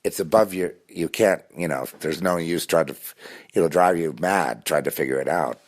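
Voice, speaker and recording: Low-voiced man, intense rambling monologue, repeats himself and restarts a lot. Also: normal speed. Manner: intense, insistent.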